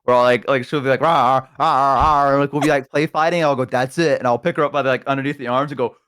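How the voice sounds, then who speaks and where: A young man chatting casually on a stream, telling lively stories and acting out voices with sudden shouts. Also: mid-range voice, racing, smooth, dry recording, clean studio sound. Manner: animated storyteller, acts out voices and shouts. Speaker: streamer guest. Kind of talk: casual chat.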